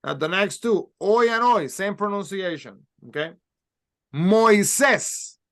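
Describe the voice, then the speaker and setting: A man teaching a Spanish class, slowly sounding out letters and words for his students to repeat. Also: high-pitched, expressive, a bit bright. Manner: slow, carefully sounds out letters and words for repetition. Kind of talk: classroom language lesson.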